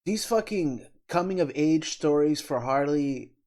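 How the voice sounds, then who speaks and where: A middle-aged man hosting his channel, giving candid, opinionated reaction commentary, swearing casually and pausing with fillers. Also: fairly high pitch, expressive, darkish tone. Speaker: channel host reacting to a trailer.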